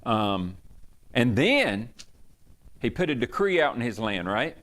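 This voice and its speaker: A man's voice: medium pitch, very animated, takes it slowly, a bit bright. A man, a pastor teaching a Bible study in a chatty, digressive way in a church. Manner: chatty, digressive, acts out quoted speech.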